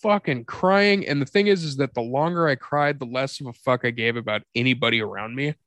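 A mid-pitched man talks frankly on a podcast, telling a personal story with plenty of swearing. His delivery is loose and confessional, the way comedians chat with each other. The voice sits close and dry on the mic. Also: brisk, a bit bright, no echo. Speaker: podcast co-host. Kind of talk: candid comedic podcast conversation.

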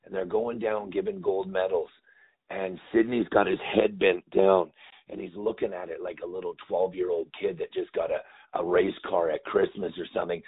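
A man speaks as a guest on a sports podcast. He tells stories in a rambling, heartfelt way and leans on "you know". His voice is lowish and husky, and it comes through a narrow, phone-like line. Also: fairly even intonation, normal speed. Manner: emotional, rambling, heavy with 'you know'. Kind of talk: casual storytelling interview. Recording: phone-like remote audio.

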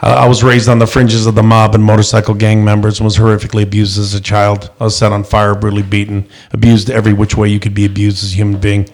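A man with a low, gravelly voice talks in a loose, casual way with his co-hosts. He comes across as blunt and joking, and his tone stays plain and conversational. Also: monotone, quick pace, few pauses, a little mellow. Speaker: podcast co-host. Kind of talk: casual chat.

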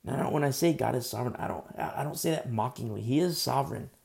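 A man preaching a sermon in an emphatic, conversational way, swinging from loud bursts to hushed asides. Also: mid-range voice, fast talker, creaky.

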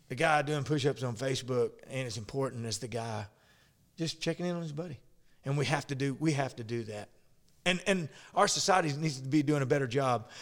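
A man with a slightly raised pitch, rambling and restarting mid-sentence as he tells a story. He sounds casual and conversational, and the recording has a long room reverb.

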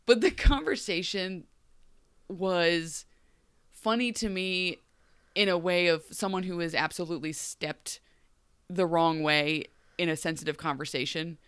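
A Midwestern American woman with a slightly raspy voice, co-hosting a casual podcast chat and recapping a TV episode with animated, sarcastic asides. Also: on the low side, measured pace, no room sound. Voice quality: raspy right now. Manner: animated, sarcastic, acts out quotes. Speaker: podcast co-host.

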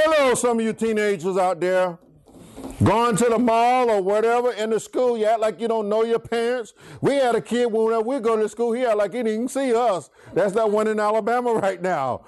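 A middle-aged man, teaching from the Bible as a pastor and having the congregation finish his lines. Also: a little mellow. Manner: preachy, swings pitch, asks congregation to finish lines. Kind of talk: call-and-response Bible teaching.

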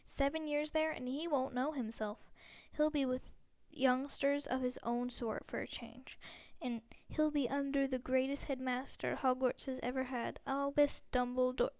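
Hagrid, as a woman reads a gruff giant gamekeeper. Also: sits high, fairly even intonation, a little slow, darkish tone, no room sound. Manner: folksy, blunt, dropped-letter dialect. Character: giant bearded male gamekeeper, gruff, loyal, hot-tempered. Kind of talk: audiobook character reading.

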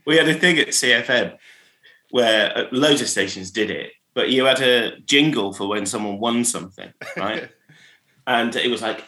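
This is a man chatting casually about his radio career and laughing often as he talks. He acts out callers and jingles along the way. His voice is bright and forceful, and it carries a noticeable room echo. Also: medium pitch, moderate pace. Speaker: radio programmer, podcast guest. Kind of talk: casual anecdotal chat.

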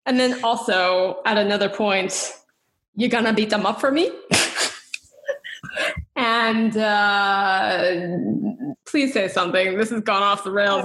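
A woman co-hosts a podcast in loose, rambling chat, laughing often and swearing freely. She talks slowly and unhurriedly at a middle pitch. Her voice rings in a noticeably echoey room. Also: fairly bright tone. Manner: rambling, giggly, swears casually. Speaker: podcast co-host.

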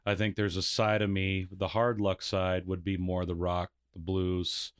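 A man's voice: low voice, completely flat delivery, a little slow, clear, resonant tone, no room sound, clean studio sound. A man who is a singer-songwriter guest, talking in an easygoing, thoughtful and self-deprecating way about his music. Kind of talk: casual interview chat.

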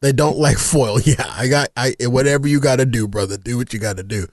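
A man hosting a casual podcast chat, animated and laughing often. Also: mid-range voice, a little fast, no echo, studio quality. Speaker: show host.

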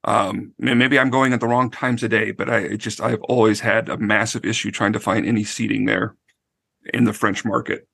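A man's voice: lowish voice, flat delivery, normal speed, gravelly, fairly bright tone, slightly rough, no room sound, studio quality. A man on a podcast panel, hesitant, with many fillers and asides. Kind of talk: casual chat.

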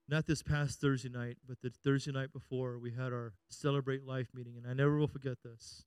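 A middle-aged man, a pastor preaching a sermon, calling out "Amen?" and moving between loud and hushed passages. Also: mid-range voice, flat delivery, fairly quick, hardly any pauses, smooth, dry recording, soft background music. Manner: preaching with call-and-response "Amen?" and swings between loud and quiet.

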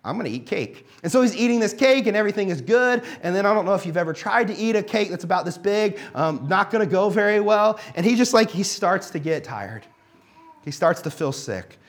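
A man giving a sermon in a church hall, conversational and animated, sometimes dropping to a quiet, reflective tone. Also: high-pitched, a little fast. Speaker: pastor.

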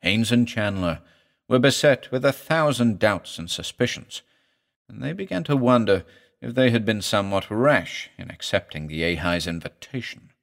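A man narrating a weird fiction story in a measured, even audiobook delivery. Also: on the low side, vocal fry.

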